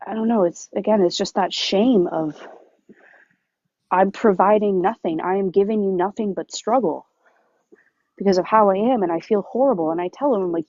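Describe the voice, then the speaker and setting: A woman's voice: medium pitch, normal speed, a little mellow, no echo, muffled recording. A woman sharing her personal struggles on a live panel, raw and confessional, often quoting what she told others. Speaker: panel guest.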